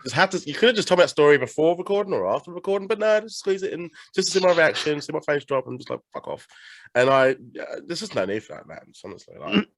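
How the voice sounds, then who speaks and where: Lively English podcast host. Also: male voice, a little high, fast talker, hardly any pauses, no room sound. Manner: teasing, mock-offended. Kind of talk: casual podcast interview.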